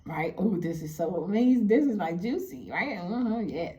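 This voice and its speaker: A young woman telling a story to her viewers in a casual, animated way, laughing often and filling her talk with "like". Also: medium pitch, normal speed. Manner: animated, laughing, heavy "like" fillers. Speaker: storytime vlogger.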